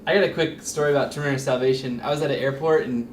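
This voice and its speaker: A man's voice: mid-range voice, steady tone, rapid-fire. Jokey man in an echoey room. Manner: jokey, sarcastic storyteller. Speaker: movie reviewer. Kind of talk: casual podcast banter. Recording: echoey room with faint noise.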